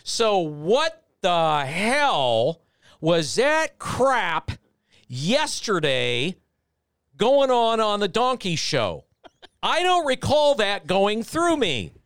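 A man's voice: sits high, wildly swooping pitch, extremely slow, pitched above the performer's own voice, heavily acted. A man doing a blustering, cursing boss. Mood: indignant. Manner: shouting, profane, indignant. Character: blustering angry male station boss.

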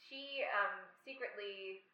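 A woman's voice: mid-range voice, slow. A woman co-hosting a casual podcast, chatting and giggling, acting out quotes in silly voices. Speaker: podcast co-host. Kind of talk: casual campy chat. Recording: echoey, dull lo-fi room sound.

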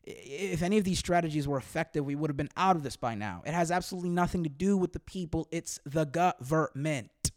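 A man's voice: a little high, fast talker, few pauses, no echo. Man, comedian on a podcast, heated profane rant with stammered repeats, dry close sound. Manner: heated, profane, repeats words when worked up. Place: Los Angeles.

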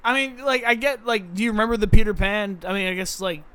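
A young man with a high, bright voice co-hosts a casual podcast chat. He talks bluntly and swears freely, with animated, opinionated delivery. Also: fast talker, clean tone. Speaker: podcast co-host.

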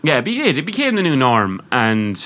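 A man's voice: medium pitch, wildly swooping pitch, brisk, sharp tone. A young Irish man hosting a podcast, chatting casually in a rambling, laughing way and swearing freely. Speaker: podcast host. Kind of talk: casual chat.

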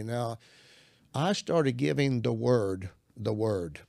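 Gravelly older man telling his testimony. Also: mid-range voice, expressive, slow, a little mellow, no echo, clean studio sound. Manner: earnest storytelling, acts out his own prayers. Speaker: guest minister. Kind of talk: personal testimony in conversation.

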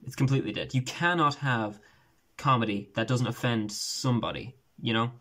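A young man hosts a podcast over a remote call, his mid-range voice pushed and bright at normal speed. It's a casual video-call chat where he rambles, restarts often, and laughs at his own stories.

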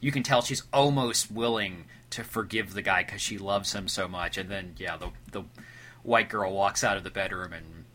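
A man with a low, bright voice talks through a film scene on a podcast. His delivery is loose and rambling, full of fillers and restarts. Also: moderate pace, slight background noise. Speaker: podcast co-host. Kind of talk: casual movie discussion.

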